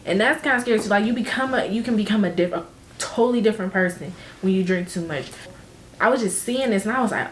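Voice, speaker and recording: A young woman telling a story to her viewers in casual chat, animated and slangy, laughing often and acting out what people said. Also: mid-range voice, normal speed, echoey room, a little hiss or hum.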